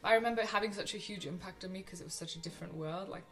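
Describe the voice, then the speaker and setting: A young woman chats about films she loved, gushing and full of little ums and restarts. Her voice is bright and clear, with a touch of soft music underneath. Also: on the low side, racing. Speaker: film vlogger. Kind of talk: casual film recommendations to camera.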